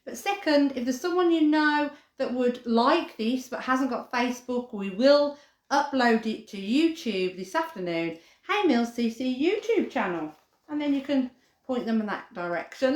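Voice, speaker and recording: Lively woman teaching kids crafts. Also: high voice, echoey room. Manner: chatty, animated, says dog barks playfully. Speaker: children's craft presenter. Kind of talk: live craft demonstration for children.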